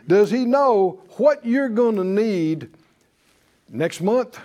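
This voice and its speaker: Slow, deep-toned older preacher. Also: male voice, lively intonation, mellow. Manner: folksy, chuckling, rhetorical questions. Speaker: preacher and teacher. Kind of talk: sermon-style Bible class.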